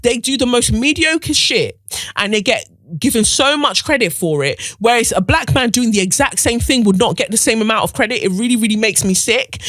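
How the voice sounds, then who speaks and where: A woman's voice: a little high, a bit bright, no room sound. A woman hosting a podcast, giving outspoken, profane, slang-filled commentary. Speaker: podcast host.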